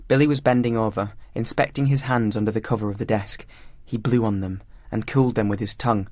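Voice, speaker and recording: A man reading a story aloud in a measured, plain narration. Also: on the low side, a little mellow, no room sound, studio quality. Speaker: audiobook reader. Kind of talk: scripted narration.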